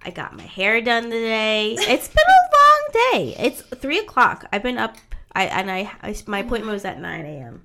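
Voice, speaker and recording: A woman's voice: mid-range voice, moderate pace, bright, forceful tone. A woman co-hosting a podcast in casual chat, tipsy and congested, teasing and drowsy. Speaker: podcast co-host.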